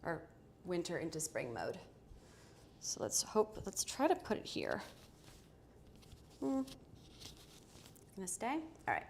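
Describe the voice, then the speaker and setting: Woman livestream fashion host, unhurried, chatty, faint room hiss, small home studio. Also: on the low side, huge pitch swings, vocal fry, a little mellow. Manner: chatty, self-interrupting, talks to viewers. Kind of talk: casual live try-on chat.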